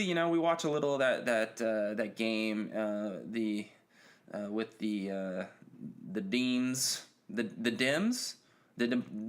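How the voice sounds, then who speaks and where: A man's voice: medium pitch, a bit bright. A man hosting a solo podcast, talking casually and rambling with many fillers and restarts. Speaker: podcast host.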